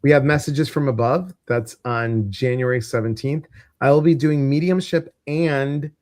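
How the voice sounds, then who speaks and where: A man's voice: medium pitch, normal speed, a little mellow, no echo, clean studio sound. A man with a Midwestern American accent hosting a casual livestream, chatty and rambling with lots of fillers. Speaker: host.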